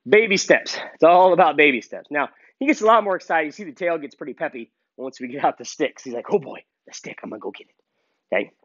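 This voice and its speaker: A man training a gun dog and explaining each step casually, breaking off for sharp commands to the dog. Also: a little high, no room sound, muffled recording. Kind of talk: hands-on training demonstration.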